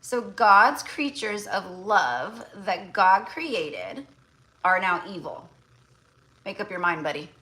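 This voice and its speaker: A woman's voice: medium pitch, lively intonation, takes it slowly, pushed and bright, rough recording. A woman tarot reader in casual livestream chat, blunt and chatty, full of fillers.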